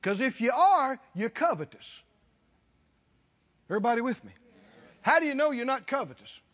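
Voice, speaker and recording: A man's voice: very high voice, very animated, moderate pace, fairly bright tone, long reverb tail. A man preaching a sermon, folksy and chuckling, calling out to his listeners to respond. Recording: dull lo-fi recording.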